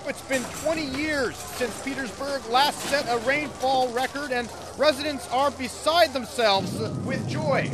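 An actor playing an earnest radio field reporter describing chaos in the streets. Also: male voice, very high-pitched.

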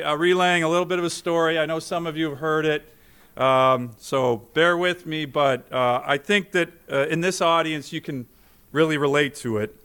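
A man's voice: mid-range voice, fairly bright tone, clear, resonant tone. A middle-aged man, a senator, giving a formal speech to a legislative chamber, telling anecdotes with self-deprecating jokes.

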